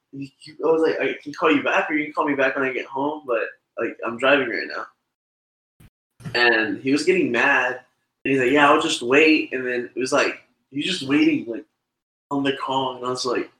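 A man's voice: mid-range voice, steady tone, moderate pace, bright, forceful tone, reverberant, low-quality recording. A young man telling a loose, swearing story in casual chat with friends. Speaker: podcast co-host.

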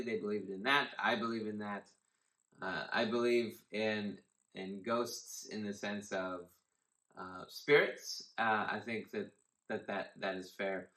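A man's voice: lowish voice, pushed and bright, echoey room, poor audio. A man who is a pastor, giving a casual devotional Bible teaching in a conversational way, rambling with fillers and restarts.

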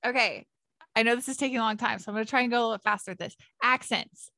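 A woman's voice: a little high, very fast, sharp tone, no room sound. A young woman with a Californian accent chatting casually, laughing often and ranting playfully in an exaggerated way. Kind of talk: casual chat.

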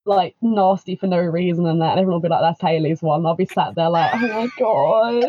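A woman's voice: lowish voice, flat delivery, fast, mellow, a little hiss or hum. A woman, a cosplayer guest, chatting casually and laughing a lot. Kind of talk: casual chat on a live stream. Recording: dull lo-fi audio.

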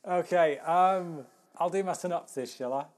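A man, co-hosting a casual film review chat in a relaxed way, often repeating words as he starts a thought. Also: on the high side, normal speed. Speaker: podcast co-host.

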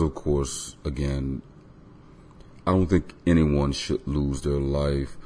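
A man's voice: very deep voice, darkish tone, a little hiss or hum. A man hosting his own music podcast, talking loosely with many ums and uhs. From Florida. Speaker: podcast host. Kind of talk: casual podcast monologue.

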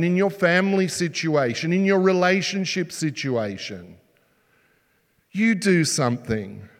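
A man preaching a sermon, telling stories with animated delivery and throwing rhetorical questions at the congregation. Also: a little high. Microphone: sermon mic, mask just taken off. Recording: long hall reverb.

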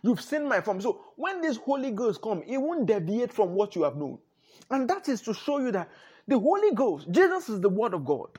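A man's voice: high-pitched, very animated, normal speed, dark tone, slightly rough. A man preaching a sermon as pastor, emphatic and repetitive, often saying "no, no" with a chuckle.

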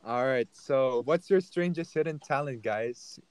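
A man's voice: medium pitch, a little slow, darkish tone, clean tone. A teenage boy chatting casually on a remote call and asking the group questions, easygoing. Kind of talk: casual chat.

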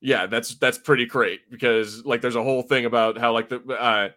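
Bright-voiced rambling male podcaster. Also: medium pitch, fairly even intonation, normal speed. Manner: rambling, lots of fillers and restarts. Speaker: podcast co-host. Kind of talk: casual podcast review chat.

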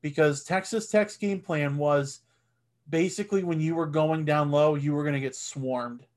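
A man in his thirties co-hosting a casual sports podcast, animated and swearing, and he gets loud when excited. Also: a little high, moderate pace. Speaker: podcast co-host.

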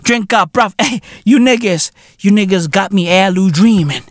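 A man with a South African accent, hosting a comedy show, delivering a profane, animated rant in heavy slang with shouted bursts. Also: high-pitched, moderate pace, no echo, clean studio sound. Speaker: comedy podcast host.

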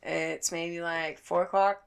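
A woman's voice: fairly low pitch, slow, creaky, smooth. A woman in her twenties telling a long story in casual chat, swearing constantly and acting out what she said. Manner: profane, animated storytelling with acted-out quotes.

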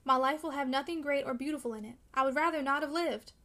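A woman's voice: high-pitched, quick pace, sharp tone. A woman reading the part of a discouraged young man who speaks impetuously and pleadingly. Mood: discontented. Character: discouraged, longing young man of twenty-one. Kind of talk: audiobook character reading.

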